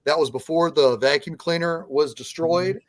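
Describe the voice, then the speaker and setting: A man co-hosting a casual sports podcast, giving earnest, measured analysis with some fillers. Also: a little high, no echo. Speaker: podcast co-host.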